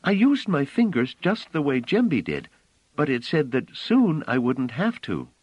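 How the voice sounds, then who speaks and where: A wide-eyed alien girl speaks in high, piping tones, hesitating over her words, as a man puts her on. Her voice is lifted well above his own and swings widely. The storybook reading is close and dry. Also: very animated, a little slow, dry recording. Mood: excited.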